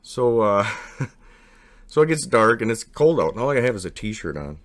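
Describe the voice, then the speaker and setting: A man with a low voice tells a long, wandering personal story in casual, unpolished speech. He keeps acting out what people said, and his voice jumps higher in those quoted bits. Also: moderate pace. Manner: rambling, animated, acts out quotes with raised pitch.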